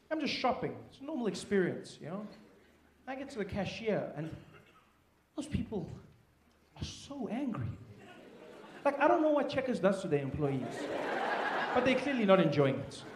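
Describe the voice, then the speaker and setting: Man, high voice, stand-up comedy, animated delivery, acts out characters, faint background noise. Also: moderate pace, long pauses. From Africa. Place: comedy stage before a laughing audience.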